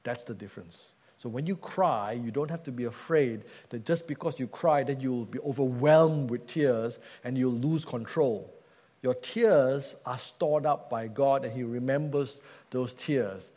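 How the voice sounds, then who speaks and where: A man's voice: medium pitch, unhurried, mellow. Male preacher, emphatic sermon delivery, muffled sound with hall reverb. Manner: earnest, emphatic, rhetorical questions.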